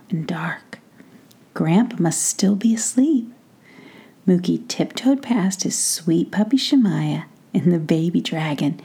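A woman whispering a gentle bedtime story, soft and calm. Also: on the low side, creaky, slightly rough.

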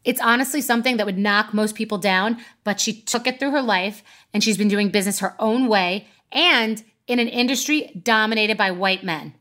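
A woman's voice: mid-range voice, moderate pace, hardly any pauses, sharp tone. A woman hosting a podcast, telling a brash, profane story before she interviews a guest. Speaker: podcast host.

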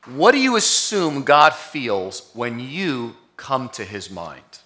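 A male pastor delivers a sermon in a bright, forceful voice. He talks in a casual, conversational way and then presses harder as his points build. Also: mid-range voice, big pitch swings, slow pace. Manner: conversational preaching, rising to emphatic. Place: church sanctuary.

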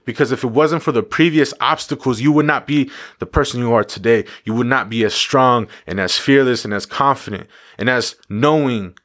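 The motivational vlogger's mid-range voice has a fairly bright tone as he talks casually. He stresses his message by repeating phrases and now and then swearing.

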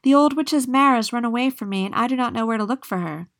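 A woman's voice: fairly high pitch, fast talker, a bit bright, no room sound, studio quality, voice pushed up. A woman voicing a humble, earnest young prince in a storybook reading. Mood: worried.

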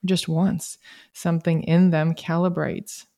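A woman hosting a casual conversation, talking in a reflective, spiritual, unhurried way. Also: on the low side, little pitch movement, vocal fry, mellow.

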